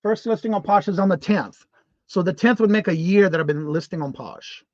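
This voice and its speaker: A man's voice: high-pitched, brisk, darkish tone, no room sound. A man hosting a casual morning live show, chatty and upbeat, rambling with restarts as he reads viewer comments aloud. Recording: dull, muffled lo-fi stream audio.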